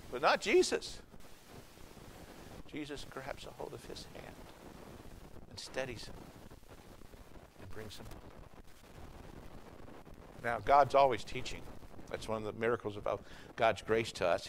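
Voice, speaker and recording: A man preaching a sermon in a church service, folksy and conversational, swinging from hushed lines to loud ones. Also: mid-range voice, sing-song, measured pace, long pauses, a little hiss or hum, low-quality recording. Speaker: pastor.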